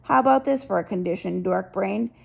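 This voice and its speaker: A woman's voice: mid-range voice, brisk, gravelly, a little mellow, slightly rough, muffled recording. A woman voicing a vicious teenage boy bully who barks bossy threats. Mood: threatening.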